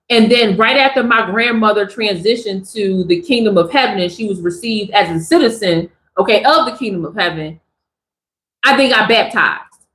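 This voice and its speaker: A woman hosting a casual spiritual livestream, talking in an expressive, chatty way to her viewers. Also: fairly high pitch, echoey room, rough recording. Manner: expressive, chatty, drawn-out delivery.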